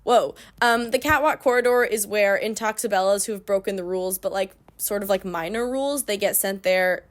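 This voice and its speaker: A woman's voice: mid-range voice, fairly quick, few pauses. A young woman hosting a book club channel, giving a sarcastic, chatty recap full of "like". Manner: sarcastic, chatty, heavy use of "like". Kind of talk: casual comedic book recap.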